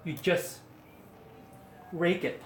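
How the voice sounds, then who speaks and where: A man's voice: extremely slow, slight background noise. A man, a hairstylist, talking viewers through a hair styling tutorial step by step in a chatty, coaxing way with self-mocking asides. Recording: echoey room with faint ambience.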